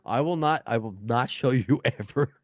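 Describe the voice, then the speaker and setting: A podcast host with a New York accent reads listener emails from home while a baby can be heard in the background. He speaks in a mid-range voice at normal speed, rambling and self-deprecating, with many fillers and restarts. The recording is clean, studio-quality, and free of room sound.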